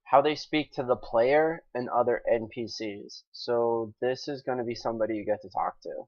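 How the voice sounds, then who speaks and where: A man's voice: mid-range voice, moderate pace, dry recording. Crude, teasing man on lo-fi voice chat. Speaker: friend on voice chat. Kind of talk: casual banter.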